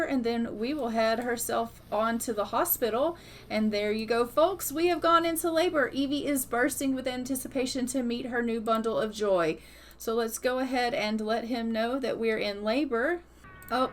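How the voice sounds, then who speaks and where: A young adult woman giving casual, chatty commentary as she plays a life-simulation game. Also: a little high. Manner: chatty, storytelling, upbeat. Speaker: gaming YouTuber.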